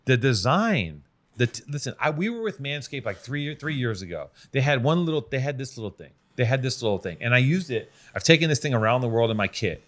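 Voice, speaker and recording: A man's voice: mid-range voice, sing-song, fairly quick, no room sound. A man hosting a podcast, reading ads in a brash, profane, joking riff. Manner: brash and profane, riffing jokes. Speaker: podcast host. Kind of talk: casual podcast ad read.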